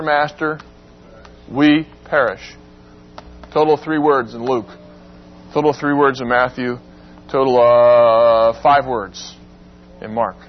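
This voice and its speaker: In this interactive Bible class lecture, a man asks his class questions and acts out quotes in a dramatic voice, his pitch climbing. The audio has a dull, lo-fi quality and a faint hum.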